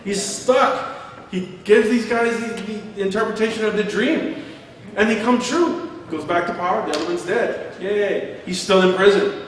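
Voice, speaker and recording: A man's voice: high-pitched, normal speed, a little hiss or hum. A middle-aged man preaching a sermon as pastor, telling stories, acting out quotes and chuckling as he goes. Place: large church hall. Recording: echoey hall from far off.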